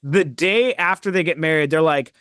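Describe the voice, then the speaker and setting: A man co-hosting a podcast, chatting casually about a film and acting out characters' lines with animated energy. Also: a little high, moderate pace, smooth, no echo, clean studio sound. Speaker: podcast co-host.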